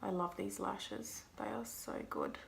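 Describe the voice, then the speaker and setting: A woman's voice: mid-range voice, animated, unhurried, vocal fry, fairly bright tone, slight background noise. A young woman, a makeup artist, chatting to viewers through a makeup tutorial vlog in a self-mocking way.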